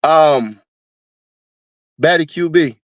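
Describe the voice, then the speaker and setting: A man hosting his own casual commentary and talking animatedly, laughing often as he goes. His voice sits fairly high for a man. The sound is dry and close, with no room around it. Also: drawn-out words, dry recording. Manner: animated, laughs often, breaks into high-pitched screaming bits. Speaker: commentary host.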